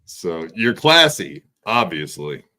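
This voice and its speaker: A man's voice: low-pitched, sing-song, takes it slowly, bright, forceful tone. A man from Northern California hosting a podcast, talking loosely and rambling with lots of fillers. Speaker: podcast host. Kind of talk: casual podcast banter.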